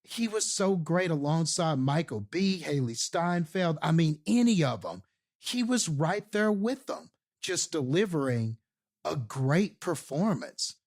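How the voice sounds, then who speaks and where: A man's voice: a little high, sing-song, unhurried. A man co-hosting a casual movie review podcast, enthusiastic and rambling, with many fillers and restarts. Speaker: podcast co-host.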